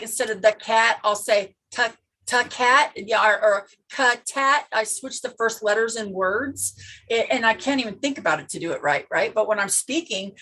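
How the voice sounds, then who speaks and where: Woman, slightly high, husky, earnest storyteller on a video call. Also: a bit bright, poor audio. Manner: earnest storyteller, restarts and repeats words. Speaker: participant in a craft video call. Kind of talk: casual chat.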